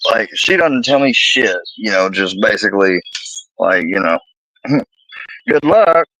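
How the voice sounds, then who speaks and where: A man's voice: on the low side, a little slow, sharp tone, slight background noise, low-quality recording. Profane, rambling man ranting. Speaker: vlogger telling a personal story. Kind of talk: heated personal rant.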